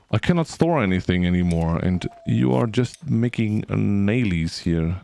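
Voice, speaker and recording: Slow, gravelly deep-voiced male streamer. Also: animated, mellow. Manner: chatty, talks to game characters, sings little sound effects. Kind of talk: casual gameplay commentary.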